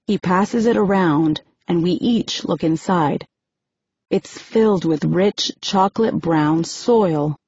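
Woman, audiobook narration, slow, husky voice, dry muffled recording. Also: fairly low pitch, no room sound. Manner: steady, slow, first-person storytelling. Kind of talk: first-person novel narration.

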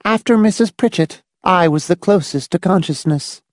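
A woman voicing a prim, controlling schoolteacher type, speaking in a dry, dispassionate, calmly insistent tone. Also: lowish voice, moderate pace, dry recording, close to an everyday voice. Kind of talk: audiobook dialogue reading.

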